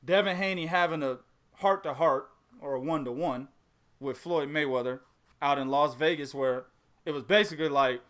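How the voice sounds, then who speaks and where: A man hosting a podcast in casual chat, animated and laughing often as he trash-talks in a profane way. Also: fairly high pitch, normal speed. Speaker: podcast host.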